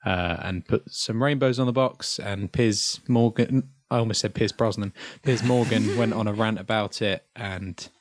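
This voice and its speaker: A man's voice: fairly low pitch, steady tone, normal speed, hardly any pauses, no room sound, clean studio sound. A young man hosting a podcast, chatting casually and rambling, with restarts and chuckles. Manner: rambling, self-interrupting, chuckling. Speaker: podcast host. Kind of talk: casual chat.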